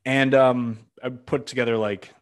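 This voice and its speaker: A man's voice: mid-range voice, flat delivery, measured pace, clear, resonant tone. A man from Massachusetts hosting an interview, talking casually and rambling with lots of fillers and side stories. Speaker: podcast host interviewing a filmmaker.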